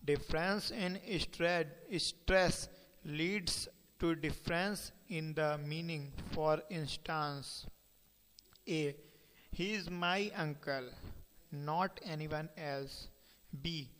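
A male teacher slowly dictates a lesson, pausing to spell words out letter by letter. His voice is smooth and clear, slightly high for a man. A long reverb hangs around him, as in a large room. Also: fairly even intonation, a bit bright.

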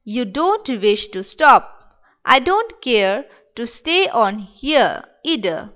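A woman reading the part of a sick, wistful young village boy in a dramatic play reading, in a gentle, wondering manner. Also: on the high side, very animated, slow pace, muffled recording, heavily acted.

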